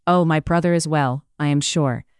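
A saccharine society lady, gushing and eager to please, as an audiobook narrator puts her on. The voice stays smooth and clear in a close, dry recording. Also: mid-range voice, normal speed, no echo, natural voice. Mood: flustered. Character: saccharine, fawning young lady. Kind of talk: audiobook character reading.

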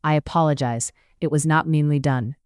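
Narrator doing a sweet young lady in a period story, soft-spoken, clear smooth voice. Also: medium pitch, steady tone, moderate pace, dry recording, studio quality, close to an everyday voice. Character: gentle, hopeful young gentlewoman. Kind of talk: audiobook character reading.

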